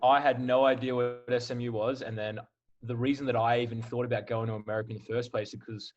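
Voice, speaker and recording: A man's voice: mid-range voice, fast, lo-fi sound. A young Australian man in his twenties, a college football player, chatting candidly as a podcast guest with lots of "like" fillers. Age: 20s. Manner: relaxed, candid, filler-heavy. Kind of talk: casual podcast interview.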